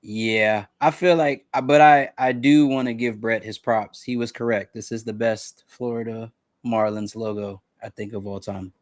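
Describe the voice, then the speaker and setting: A relaxed man co-hosting a casual recap chat. He has a lowish voice and an agreeable, easy way of adding short comments. The sound is dry and close. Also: normal speed, no echo. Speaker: co-host.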